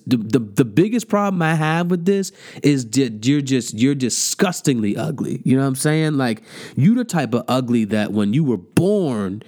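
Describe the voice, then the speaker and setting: A man's voice: medium pitch, a little mellow. A man hosting a podcast, ranting in a heated, profane, mocking way with lots of repetition. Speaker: podcast host. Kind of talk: casual rant.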